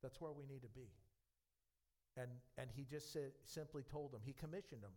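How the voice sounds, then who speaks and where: A man's voice: mid-range voice, moderate pace, a little mellow. A male pastor delivers a sermon in an earnest, conversational way. He often restarts phrases and leans on fillers. His voice sits in a middle range for a man.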